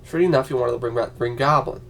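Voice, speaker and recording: A man's voice: medium pitch, quick pace, vocal fry, a bit bright. A man ranting on a vlog, profane and heated, slipping into mocking voices. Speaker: vlogger.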